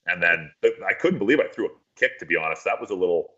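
A man's voice: sits low, expressive, quick pace, bright, forceful tone, lo-fi sound. A man casually telling a long, profane, rambling story on a podcast.

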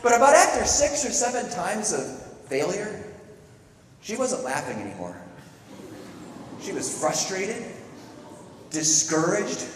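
A middle-aged man preaching a sermon, telling stories with lively acted-out quotes. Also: high voice, unhurried, long pauses, distant mic, a little hiss or hum. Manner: animated storytelling with playful acted quotes. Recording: echoey hall, speaker away from the mic.

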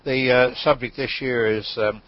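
An older man, a guest in a podcast interview, telling an anecdote in an unhurried way with many fillers. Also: mid-range voice, steady tone. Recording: dull lo-fi audio.

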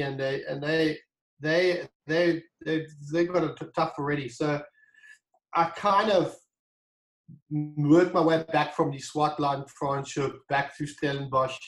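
A man telling a story as an interview guest, animated and acting out the dialogue, with frequent restarts. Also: on the high side, measured pace, roomy sound, low-quality recording. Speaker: guest, wine brand founder.

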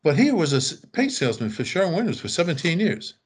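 An older man, appearing as a storyteller guest, tells casual anecdotes quickly in a fairly high voice with a breathy edge. He animates the tales by performing the quoted voices.

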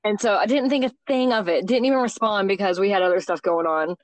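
A woman's voice: medium pitch, quick pace, dry recording. A woman telling a long story in casual podcast chat, acting out what others said in quoted voices.

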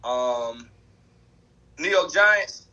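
A man co-hosting a sports podcast, talking in an animated, emphatic, trash-talking way. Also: a little high, very slow, muffled recording. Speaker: podcast co-host. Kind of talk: casual sports chat.

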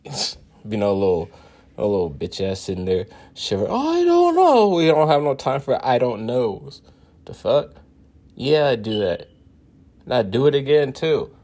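A man ranting casually for laughs, boastful and profane, laughing often. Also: mid-range voice. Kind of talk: casual comedic rant.

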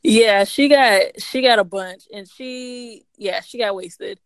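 A woman's voice: mid-range voice, slow pace, smooth, no echo. A woman co-hosting a podcast, casually recapping a story and quoting the characters. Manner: chatty, quotes characters with laughs. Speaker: podcast co-host.

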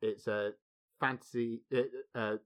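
A man co-hosting a film podcast, speaking in a measured way and chuckling often. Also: medium pitch, steady tone. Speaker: podcast co-host. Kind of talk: casual film discussion.

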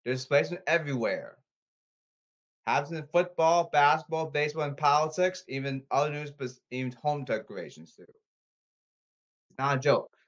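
A man rambling to his audience, reading rules off his phone and repeating himself insistently, with halting restarts. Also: on the high side, fairly bright tone, highs cut off. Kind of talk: rambling monologue to camera.

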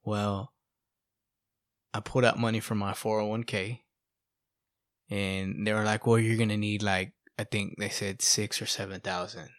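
In a lowish voice at normal speed, with long pauses, a middle-aged guest tells his life story as testimony in casual conversation. He acts out people's words with animation and fills in with "you know" and "bro." The sound is clean studio with no echo.

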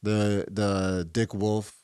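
Man, podcast co-host, casual chat, laughing, profane, animated, dry recording. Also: on the low side, drawn-out words, smooth, no room sound. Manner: animated storyteller, laughs often, swears. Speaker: welder.

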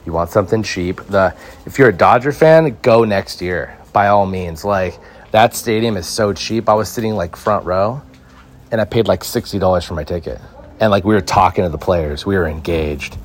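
Outdoors in a backyard, a young man runs his solo podcast through a phone, speaking in a low-pitched voice at a moderate pace. The talk is loose and laid-back, sprinkled with "like" and "right?".

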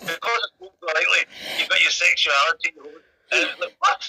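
A man from Scotland, a guest on a video call, talking casually in a soft-spoken way, often restarting his sentences. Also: a little high, fairly even intonation, fast talker, a little hiss or hum, rough recording.

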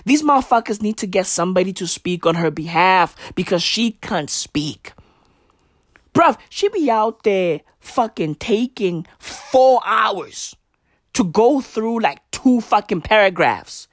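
A woman's voice: medium pitch, no echo, studio quality. A woman ranting in a brash, profane, slang-heavy comedic style. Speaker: comedic commentator.

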